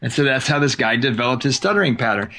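A man's voice: medium pitch, expressive, bright, forceful tone. A man hosting a podcast, chatting casually and telling long stories, stretching out his words at times. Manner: storytelling, chatty, drawn-out words. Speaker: podcast host. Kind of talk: casual chat.

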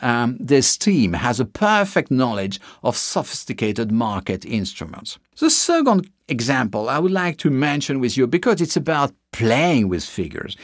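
A man's voice: medium pitch, dry recording, clean studio sound. A man giving an explanatory talk on finance, asking rhetorical questions and then answering them.

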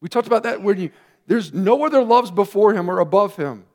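Man, pastor, sermon, high-pitched, earnest emphatic delivery. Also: expressive, a little fast. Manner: earnest preaching with rising emphatic questions and quiet asides.

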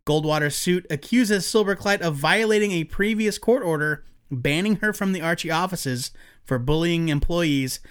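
High-pitched guy reading out comics news on a podcast, wry. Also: moderate pace, fairly bright tone, smooth. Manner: wry, reads news items aloud. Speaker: podcast co-host. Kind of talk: casual comics podcast chat.

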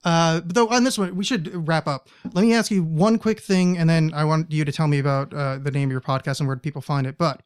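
A man's voice: fairly high pitch, fairly even intonation, fast, hardly any pauses, smooth. A man with a slight East Coast American accent hosting a podcast, asking curious, rambling questions in casual chat. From United States. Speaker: podcast host.

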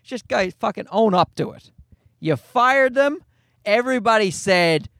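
A man telling a comedic rant with a profane, exasperated, animated delivery. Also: sits high, unhurried, no room sound, studio quality. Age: adult parent.

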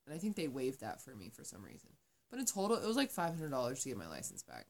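A woman with a low-pitched voice tells a story in casual, profane chat. She talks in an animated way and curses freely. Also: fast talker, creaky. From Arizona.

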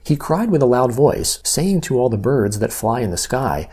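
A man reading scripture aloud in a measured way, slowing down to stress key phrases. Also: medium pitch, breathy edge. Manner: measured, even-paced reading with slow emphasis on key phrases. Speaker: Bible reader.

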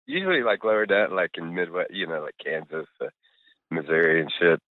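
A middle-aged man with a deep, low voice chats in a laid-back, rambling way, full of fillers and cuss words. He comes through a thin, phone-like remote line with no room sound at all. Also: expressive, fairly quick, no room sound. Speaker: guest musician. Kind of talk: casual interview chat over a call.

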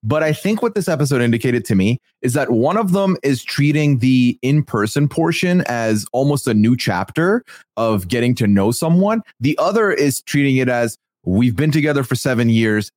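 A man hosting a podcast, recapping in casual chat in a measured, reflective way. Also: mid-range voice, lively intonation, a little mellow, no room sound, studio quality. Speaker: podcast host.

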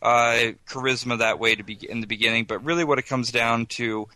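This is a man with a bright, forward voice, talking through tabletop game rules on a podcast. The recording is close and dry with no room to it, and he keeps a chatty, amused tone. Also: mid-range voice, steady tone, a little fast, no room sound, low-quality recording. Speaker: podcast co-host presenting a segment. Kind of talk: casual tabletop gaming discussion.

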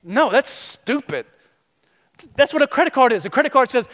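High-pitched guy preaching, lively, acts out voices, big hall echo. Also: moderate pace, pauses often. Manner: animated, acts out quoted voices. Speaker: pastor. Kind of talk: sermon.

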